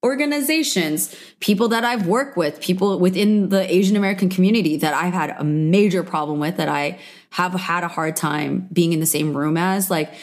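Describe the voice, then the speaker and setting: A woman's voice: on the low side, normal speed. A young woman hosting a solo podcast, talking candidly and emotionally in a rambling, confessional way full of "like" fillers. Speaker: podcast host.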